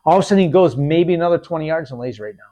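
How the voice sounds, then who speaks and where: Man, podcast host, casual storyteller, animated, slightly high voice. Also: very fast, dull audio. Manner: animated, acts out quotes, repeats and restarts.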